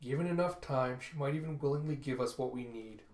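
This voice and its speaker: A calm, scheming older doctor who weighs every word, put on by a man reading aloud. His voice sits mid-range and carries a roomy echo. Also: medium pitch, a little fast, close to an everyday voice.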